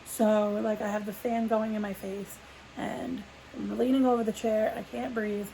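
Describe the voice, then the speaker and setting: A woman's voice: mid-range voice, little pitch movement, normal speed, gravelly, mellow, slight background noise, rough recording. A young adult woman telling a personal story in a casual sit-down vlog, rambling with lots of "like" and restarts. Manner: rambling, full of "like" fillers and restarts. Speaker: vlogger.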